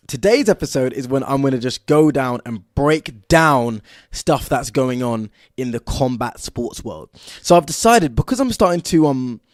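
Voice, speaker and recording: Excitable young Englishman hosting a podcast. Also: mid-range voice, no echo, studio quality. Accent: Southern English. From England. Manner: excitable and energetic, lots of fillers. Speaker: podcast host. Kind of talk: solo podcast monologue.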